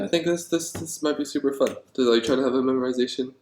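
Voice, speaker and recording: A man designing board games and thinking aloud, rambling and getting excited about his ideas, with many ums. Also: medium pitch, fast, a little hiss or hum. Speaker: board game designer vlogger. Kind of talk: thinking aloud while brainstorming. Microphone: handheld camera. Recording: echoey room.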